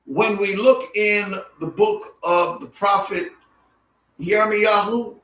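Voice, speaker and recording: A man teaching a Bible history lesson in an unhurried way, often repeating names in their alternate pronunciations. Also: high-pitched, fairly even intonation, a bit bright. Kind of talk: classroom Bible history lecture. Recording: roomy sound from a distant mic.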